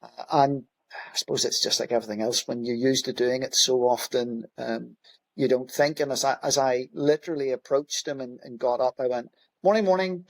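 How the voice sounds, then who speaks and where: A middle-aged man serving as a police commissioner recounts stories in a relaxed interview. He speaks in an easy, rambling way, full of fillers and restarts, with a mid-range voice. The recording is dry and close, with no room sound. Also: medium pitch, normal speed, no room sound. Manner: conversational, frequent fillers and restarts. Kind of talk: anecdotal interview storytelling.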